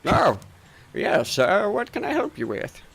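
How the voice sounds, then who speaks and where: A man's voice: wildly swooping pitch, a little slow, creaky, fairly bright tone, breathy edge, heavily acted. A man voicing a fussy, hard-of-hearing elderly male shopkeeper who stammers and dithers. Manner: dithering, stammering, high-pitched muttering.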